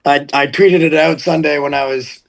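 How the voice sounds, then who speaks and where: Athlete guest, male, relaxed and jokey, slightly high voice. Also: moderate pace, creaky. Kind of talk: casual chat.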